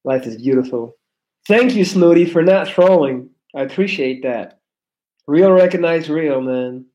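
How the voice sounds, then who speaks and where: A man's voice: mid-range voice, animated, unhurried, darkish tone, lo-fi sound. A young man reading viewer comments aloud in a laid-back, slangy livestream chat. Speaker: YouTuber reading live chat.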